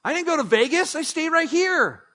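Resentful older brother, put on by a male preacher: high voice, indignant whining, sermon storytelling. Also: lively intonation, normal speed, bright, forceful tone, heavily acted. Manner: whiny, aggrieved complaining.

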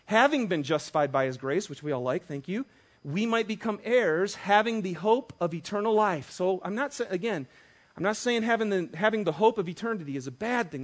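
High-voiced male pastor preaching. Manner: animated storytelling, swings from loud to quiet. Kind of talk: sermon.

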